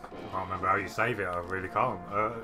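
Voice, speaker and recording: A man's voice: sits low, fairly even intonation, fast, music in the background. A man co-hosting a game stream, chatting casually and sharing trivia about old games. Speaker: streamer co-host. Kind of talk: casual chat while watching games.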